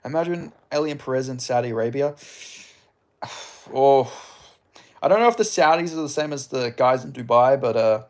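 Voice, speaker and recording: A man's voice: mid-range voice, moderate pace, long pauses, a little mellow. Casual, profane Australian young man. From Western Australia. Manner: rambling and profane, with frequent fillers and chuckles. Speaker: MMA commentator reading live chat. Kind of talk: casual livestream chat.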